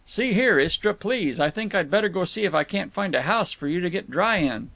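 A humble, plain-spoken young man who keeps trying to smooth things over with his companion. A man narrating a novel gives him a slightly raised voice with a gravelly texture. The sound is close and dry. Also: high voice, expressive, brisk, fairly bright tone, dry recording, pitched above the performer's own voice, exaggerated voice. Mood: insistent. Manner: folksy, says "ain't", mild and placating.

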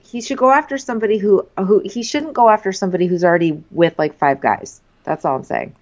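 A woman co-hosting a podcast, casually recapping a reality show and arguing her opinions expressively. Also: medium pitch. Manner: expressive, opinionated, quick to react. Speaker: podcast co-host. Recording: dull lo-fi audio.

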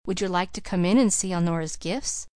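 A woman's voice: lowish voice, a little fast, mellow, clean tone, no echo, clean studio sound, close to an everyday voice. Boastful small farm boy, chattery and eager, read by a woman. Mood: eager chatter. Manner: chattering, boastful, folksy grammar.

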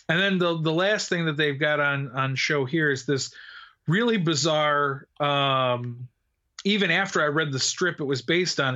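Chatty bright-voiced man on a lo-fi podcast. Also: mid-range voice. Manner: rambling, laughing, many fillers and restarts. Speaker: podcast co-host. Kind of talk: casual podcast chat.

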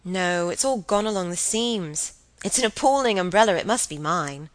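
A woman's voice: fairly low pitch, lively intonation, normal speed, no room sound, natural voice. A woman voicing an impulsive, scatterbrained young woman who chatters breathlessly in an audiobook. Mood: chattering.

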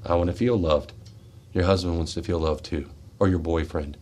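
A middle-aged man hosting a radio show, speaking in a raw, confessional monologue, tearful and shaky, swinging between forceful outbursts and hushed words. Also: deep voice, fairly even intonation, normal speed. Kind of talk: emotional personal monologue. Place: radio studio.

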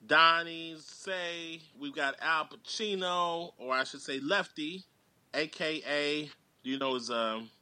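A man's voice: a little high, slow, pushed and bright, smooth, dry recording. A man, a podcast guest, recapping a film plot in a rambling, casual way with many filler words.

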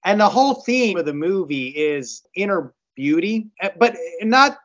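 Podcast co-host, man, easy laugh, rambling delivery, slightly high voice, dull lo-fi recording. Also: sing-song, unhurried, a bit bright. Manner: rambling, restarts his sentences, laughs easily. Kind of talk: casual chat.

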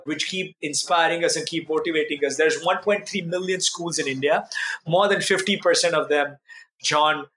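A man being interviewed as a nonprofit founder, telling stories in an earnest, animated way. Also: on the high side. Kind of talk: conversational interview storytelling.

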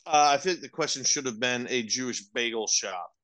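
A man's voice: medium pitch, normal speed, a bit bright. A man co-hosting a casual comedy podcast, joking in a self-deprecating way and cutting in to clarify. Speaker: podcast co-host.

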